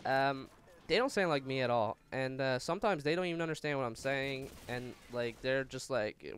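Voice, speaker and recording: A man's voice: mid-range voice, animated, a bit bright, slight background noise. A man with a Newfoundland accent, ranting casually over gameplay with many fillers and stumbles. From Newfoundland, Canada. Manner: rambling, stumbling, full of fillers; talks fast by habit. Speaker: gaming channel host.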